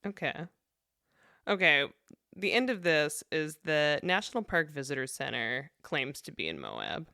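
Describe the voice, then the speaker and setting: A woman co-hosts a podcast with upbeat, teasing banter. Her voice is bright and smooth, and the sound is dry and close to the mic. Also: sits low, sing-song, measured pace, no echo. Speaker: podcast co-host. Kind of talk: casual podcast chat.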